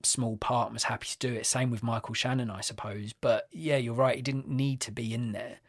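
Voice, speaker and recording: A man's voice: medium pitch, steady tone, brisk, no echo, clean studio sound. A man co-hosting a podcast, reviewing films in casual, opinionated chat and swearing often. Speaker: podcast co-host.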